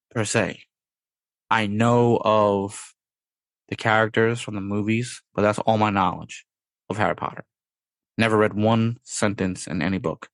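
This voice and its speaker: A man with a fairly low voice hosting a podcast, chatting casually. He rambles and drops in playful sound-effect words as he talks. His voice is dry and close, with no room echo. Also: a bit bright. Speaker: podcast host. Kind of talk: casual chat.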